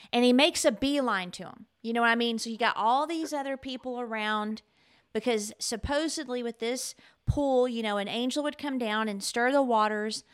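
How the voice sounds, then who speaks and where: High-pitched woman on a podcast, lively storytelling, punchy and emphatic. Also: smooth. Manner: animated, emphatic retelling with laughs. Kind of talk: casual conversation, storytelling.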